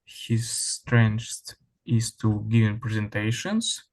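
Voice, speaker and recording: Very slow, halting male student. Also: on the low side, steady tone, rough recording. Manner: halting, hesitant non-native English. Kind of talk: answering in class. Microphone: video call.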